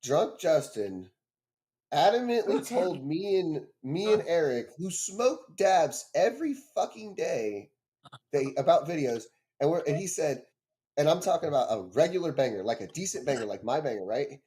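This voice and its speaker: A man's voice: fairly high pitch, very animated, moderate pace, warm tone. A man on a group call, telling a story in a heated, swearing way. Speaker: call guest. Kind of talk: casual stoner chat.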